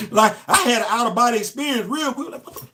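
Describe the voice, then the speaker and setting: A man's voice: very high voice, pushed and bright. A man, a show host and former Marine, telling a long casual story and asking his listeners rhetorical questions.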